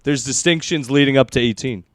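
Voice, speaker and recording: Podcast cohost dude, mid voice, loose and jokey, really dry mic. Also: male voice, mid-range voice, brisk, dry recording. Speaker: podcast co-host. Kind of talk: casual podcast chat.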